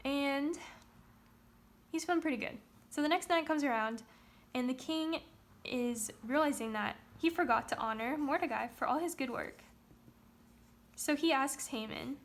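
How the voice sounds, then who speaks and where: High-voiced lady telling a sunday school story, chatty, tosses in jokey asides. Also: normal speed. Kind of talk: casual storytelling lesson.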